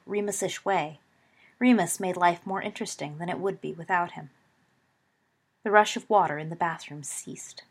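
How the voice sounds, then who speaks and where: Female audiobook narrator, low, husky, measured read. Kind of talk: audiobook reading of fiction.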